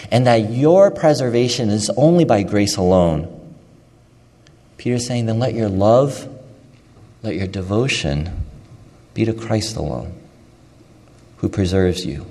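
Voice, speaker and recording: A man's voice: on the low side, dark tone. A man preaching a sermon with emphasis, repeating key phrases and asking rhetorical questions. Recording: long reverb of a large hall.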